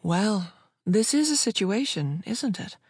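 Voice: medium pitch, a little slow, darkish tone, husky, no room sound, studio quality. A reader voicing a bold, cunning young woman thief who talks in a cool, teasing way.

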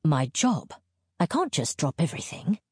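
A woman's voice: low-pitched, very animated, normal speed, darkish tone, slightly rough, no echo, full character voice. A woman voicing a man in his late thirties, a mining engineer who talks in a dry, clipped, dismissive way. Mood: firm.

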